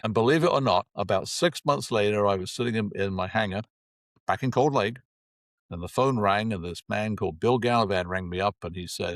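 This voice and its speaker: A man in his sixties from England, a guest telling lively anecdotes in conversation and acting out the dialogue. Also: lowish voice, brisk, no room sound. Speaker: interview guest. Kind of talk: conversational storytelling.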